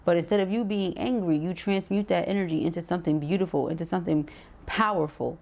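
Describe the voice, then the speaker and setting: A woman's voice: fairly low pitch, fast, a little mellow. Emphatic woman giving a tarot reading. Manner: emphatic, preachy, slangy with rhetorical asides. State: sore, burning throat. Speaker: tarot reader. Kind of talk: casual spoken tarot reading.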